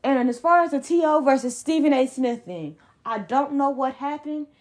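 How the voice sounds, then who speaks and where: A woman's voice: sits high, normal speed, a little mellow. Heated young woman ranting about sports. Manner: heated, emphatic, blunt slang. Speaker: podcast host. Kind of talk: solo sports podcast rant.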